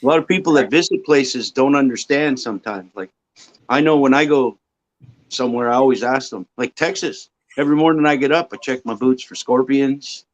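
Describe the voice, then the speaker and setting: A man in a casual chat telling lively travel anecdotes and acting out the sound effects. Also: medium pitch, brisk, dull audio.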